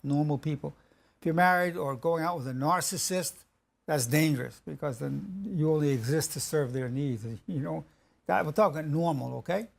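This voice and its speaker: A man's voice: fairly high pitch, moderate pace, vocal fry. A man giving relationship advice in a casual spoken talk, often acting out what partners say to each other, with frequent restarts. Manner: conversational, acts out quoted couples, frequent restarts.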